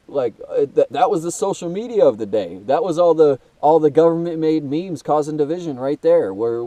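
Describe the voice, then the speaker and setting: Young guy ranting to camera, stuffy nose, dark mellow voice, sits a bit back from the mic. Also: mid-range voice, dry recording, distant mic. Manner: casual and swearing, calls listener dude, many restarts and fillers. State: blocked nose, trouble breathing. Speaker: self-made video host. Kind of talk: rambling personal monologue to camera.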